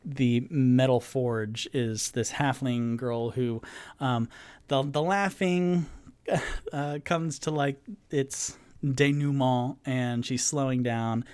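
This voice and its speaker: A man narrating as game master, improvising fantasy scenes in a halting way, with many fillers and restarts. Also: mid-range voice, steady tone, a little mellow, clean tone.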